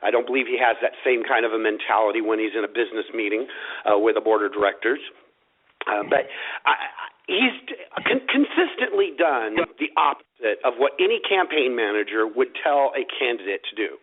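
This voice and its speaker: A man's voice: medium pitch, expressive, brisk. A man on talk radio giving firm opinions, often stammering on his first words. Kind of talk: casual political talk radio. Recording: narrow phone-like radio sound.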